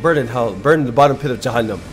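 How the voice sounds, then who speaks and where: A young man streaming a video game, narrating his play with exasperated mutters that break into loud outbursts, game music behind him. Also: mid-range voice, rapid-fire. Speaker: gaming streamer. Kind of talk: live gameplay commentary.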